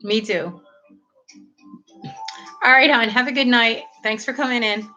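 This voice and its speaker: A woman's voice: on the high side, a little slow, bright, forceful tone, dull audio, soft background music. A middle-aged woman hosting a casual live chat with viewers, rambling and laughing often. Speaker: livestream host.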